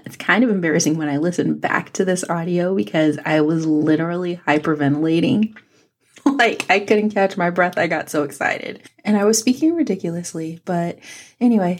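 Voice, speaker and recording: A woman hosting a podcast, narrating casually and chattily, with lots of ums and self-deprecating asides. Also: on the low side. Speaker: podcast host.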